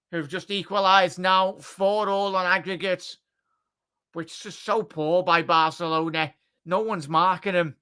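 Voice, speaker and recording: A man giving live match commentary on a fan watchalong, chatty and joking, shouting at the big chances. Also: high voice, clear, resonant tone. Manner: chatty, jokey asides.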